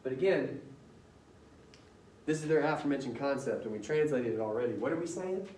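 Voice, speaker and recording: A man's voice: mid-range voice, brisk, a little mellow, a little hiss or hum. Male teacher lecturing in a roomy classroom. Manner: conversational, quizzes students with questions. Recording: roomy classroom audio from far off.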